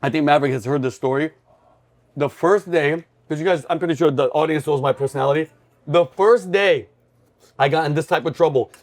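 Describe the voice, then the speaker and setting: A man hosting a comedy podcast, telling a story in an animated, excitable way and shouting out other people's lines. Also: on the high side, quick pace. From New York. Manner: loud, excitable, acts out yelling drill instructors.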